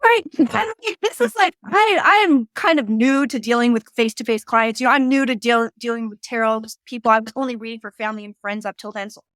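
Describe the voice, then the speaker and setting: A woman, a medium, telling a story casually in an animated way and quoting people in little voices. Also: a little high, fairly quick, hardly any pauses, dry recording. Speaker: guest medium and tarot reader.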